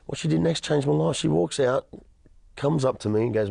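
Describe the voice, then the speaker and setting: Gravelly Australian man telling his story. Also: fairly high pitch, a little fast, dark tone, no room sound, clean studio sound. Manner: earnest, frequent restarts and stammers. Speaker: interview guest. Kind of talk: personal testimony in conversation.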